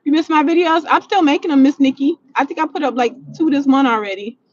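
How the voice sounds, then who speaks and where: A woman hosting a casual livestream from her car, answering chat in a blunt, animated, slangy way and swearing freely. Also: high voice, quick pace, muffled recording. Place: in a vehicle, driving.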